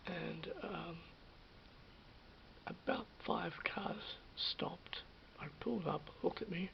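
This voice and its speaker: A man's voice: high voice, slow, gravelly, pauses often, muffled recording, a little hiss or hum. A middle-aged man tells a rambling personal anecdote to camera, hesitant and self-correcting, often sinking to a whisper. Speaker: vlogger.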